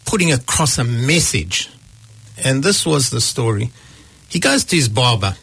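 A man in a casual debate about comedy, telling jokes with animated asides. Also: mid-range voice, gravelly, slightly rough.

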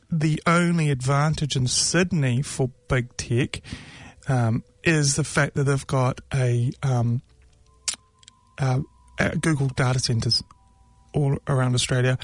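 A man's voice: medium pitch, fairly even intonation, slow pace, no room sound. Rambling, joking man. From New Zealand. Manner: rambling, joking, mocking, with frequent filler words. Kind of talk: casual opinion monologue.

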